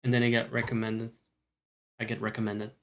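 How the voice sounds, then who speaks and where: A man's voice: on the low side, monotone, fairly quick, a little hiss or hum. A Scottish man chatting casually on a stream, rambling, swearing often and talking to himself.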